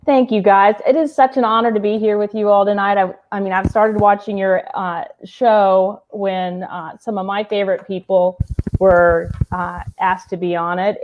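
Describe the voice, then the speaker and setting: A woman's voice: medium pitch, highs cut off, slight background noise. A woman in her thirties, a teacher who is a guest on a talk show, answering thoughtfully and hesitantly with many fillers. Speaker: sixth grade teacher, guest. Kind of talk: interview answers.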